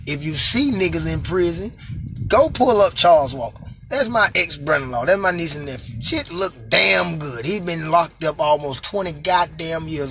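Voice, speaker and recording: A man in his late thirties telling his own story in a casual, emphatic monologue that sinks into quiet, reflective stretches. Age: late 30s. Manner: emphatic, drops to low reflective tones.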